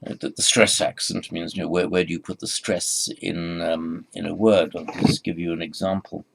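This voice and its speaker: Low gravelly man lecturing, halting and repetitive, restarts his phrases. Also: flat delivery, noisy background. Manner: halting, repeats words, many fillers. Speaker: Sanskrit teacher. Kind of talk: recorded lecture.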